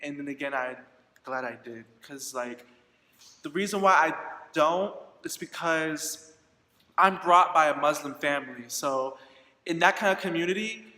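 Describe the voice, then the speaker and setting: A man's voice: fairly high pitch, unhurried, bright, forceful tone. A young man vlogging a candid personal story, acting out quoted dialogue with plenty of fillers. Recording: echoey room with long reverb.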